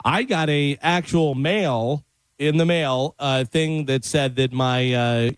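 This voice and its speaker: A man co-hosting a radio talk show, telling stories lively and acting out the voices of others, into a studio mic. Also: on the high side, takes it slowly, smooth, no echo, low-quality recording. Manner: animated storyteller acting out voices. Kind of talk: casual radio banter.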